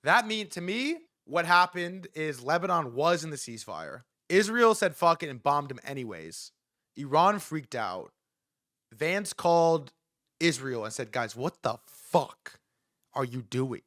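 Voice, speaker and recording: Young guy streamer ranting, swears a lot, voice jumps all over, kinda high, dry close mic. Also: measured pace, dry recording. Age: young adult. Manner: animated, profane, acts out quoted figures. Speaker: livestream host. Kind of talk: casual commentary rant.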